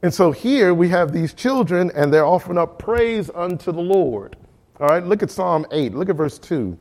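A man's voice: sits high, lively intonation, normal speed, darkish tone. Man leading a Bible study, questioning the group. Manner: questions the group and checks in often; repeats words for emphasis.

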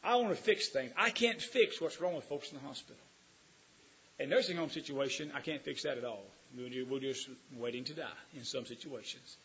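A man preaching a sermon, folksy and emphatic, swinging from quiet asides to loud declarations. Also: mid-range voice, fairly quick, dull audio, slight background noise.

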